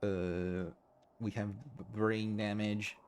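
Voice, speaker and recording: A man streaming a game live, chatting in a rambling, giggly, apologetic way, tired and low on energy. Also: little pitch movement, extremely slow, slight background noise. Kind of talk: casual live-stream chat.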